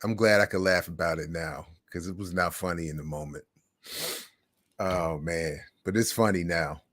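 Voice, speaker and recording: A middle-aged man hosting a livestream, telling stories in a casual monologue with animated swings between hushed and loud. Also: deep voice, normal speed, dry recording, studio quality. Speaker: livestream host.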